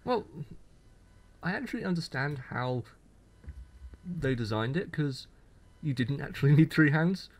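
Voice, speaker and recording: A young man co-hosts a podcast, chatting casually about games and teasing his partner. His pitch swings widely, giving his talk a lively, animated lilt. He sounds relaxed and playful. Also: measured pace, long pauses. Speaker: podcast co-host. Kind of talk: casual chat.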